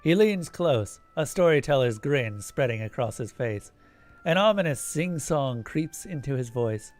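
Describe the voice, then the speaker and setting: Streamer, male, reads game dialogue and narration aloud with relaxed offhand comments. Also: mid-range voice, unhurried, soft background music. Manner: narrates descriptively, then casual asides.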